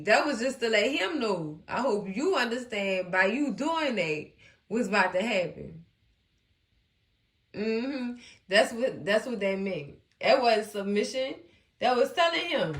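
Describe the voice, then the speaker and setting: A woman hosting a casual TV recap, animated and acting out the characters as she chats to her viewers. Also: medium pitch, reverberant. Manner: animated, acts out characters, talks to viewers as cousins. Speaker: recap host.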